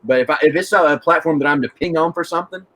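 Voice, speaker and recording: A man's voice: a little high, very fast, fairly bright tone. A man hosting a casual chat, rambling and restarting as he asks questions. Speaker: host.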